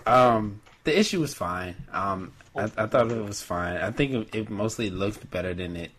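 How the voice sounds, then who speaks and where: Low-voiced, hesitant man chatting comics. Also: normal speed. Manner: hesitant, many fillers and restarts, soft laughs. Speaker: podcast co-host. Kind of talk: casual chat about comics.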